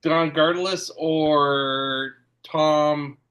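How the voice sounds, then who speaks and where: A man co-hosting a casual panel chat, halting as he searches for names. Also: a little high, steady tone, fairly bright tone, clear, resonant tone. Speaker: co-host.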